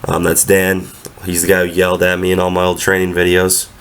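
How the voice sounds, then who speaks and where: A young man narrates over his own training clips in an easygoing, matter-of-fact way. His voice is deep and sits fairly level, with little rise and fall. A cold has left him sounding stuffed up through the nose. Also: completely flat delivery, brisk, a bit bright, smooth. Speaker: powerlifter vlogger.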